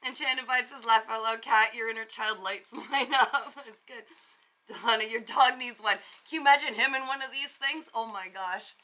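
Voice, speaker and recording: A woman's voice: on the high side, normal speed, sharp tone. A woman hosting a casual livestream, laughing often as she reads out viewer comments. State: muffled inside an inflatable costume at times. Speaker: psychic livestream host.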